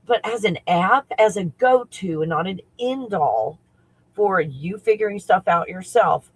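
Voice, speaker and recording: A man who works as a spiritual coach talks casually on a livestream, excitable and rambling, often breaking into laughter. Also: high-pitched, unhurried, breathy edge, rough recording.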